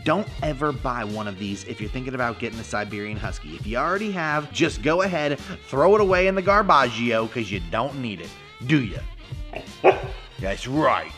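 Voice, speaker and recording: A man's voice: medium pitch, very animated, normal speed, fairly bright tone, soft background music. A young man giving a goofy, playful pet-product review vlog, breaking into silly voices. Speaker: vlogger.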